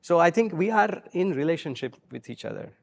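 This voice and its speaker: Man, gravelly and fairly high, animated storyteller giving a talk. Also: fairly quick. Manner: animated, acts out quotes, frequent fillers. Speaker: guest speaker. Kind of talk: storytelling talk to a live audience.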